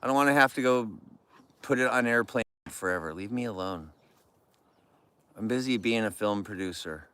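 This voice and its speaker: A man's voice: on the low side, moderate pace, long pauses, fairly bright tone, clean tone, no echo. A man live-streaming outdoors near bears, ranting about rude viewers and scolding the animals in a rambling chat.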